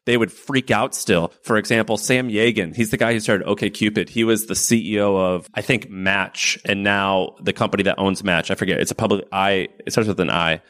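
A man's voice: on the low side, fairly even intonation, normal speed, few pauses, a bit bright. A man as a podcast guest, telling rambling stories in casual conversation and laughing often.

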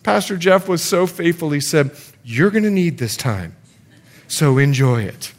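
Middle-aged pastor guy preaching, storytelling, voice jumps up and down a lot, kinda high. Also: measured pace. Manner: storytelling with lively acted quotes. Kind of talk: sermon.

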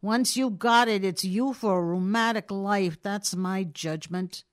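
A woman's voice: mid-range voice, a little slow, lightly acted. A woman voicing an easygoing male burglar in an audiobook reading, talking in a casual, conversational, slangy way. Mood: folksy.

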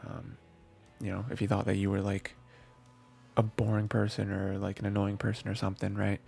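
A man's voice: lowish voice, monotone, brisk, a little mellow, faint music behind. A man hosting an anime podcast, recapping episodes in a rambling casual chat with many fillers and restarts. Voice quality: gravelly, husky.

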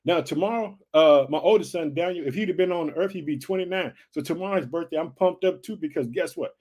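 A man's voice: a little high, fairly quick, a little mellow. A man in his forties from the United States, hosting a preaching podcast with a fervent, repetitive style full of calls of hallelujah.

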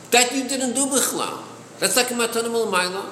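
A man's voice: very high voice, lively intonation, moderate pace, pushed and bright. A man teaching a chassidic text, explaining with rhetorical questions and Hebrew terms mixed into his English. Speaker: Torah teacher. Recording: echoey room with long reverb, faint noise.

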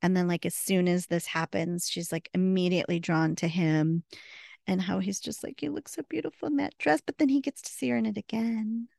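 A woman's voice: lowish voice, moderate pace, creaky, darkish tone, dry recording, studio quality. A woman co-hosting a podcast, chatting casually and recounting scenes with quoted dialogue. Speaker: podcast co-host. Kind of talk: casual recap chat.

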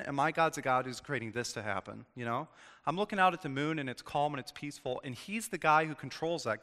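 A man giving an informal sermon to a group, casual and chatty, telling stories and acting out little exchanges. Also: medium pitch. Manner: casual, chatty, animated storytelling. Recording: long hall reverb.

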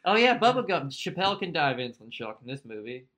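A man's voice: a little high, very animated, fast. A man co-hosting a podcast, ranting crudely and comically in casual banter. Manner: loud, crude, comic rants. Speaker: podcast co-host.

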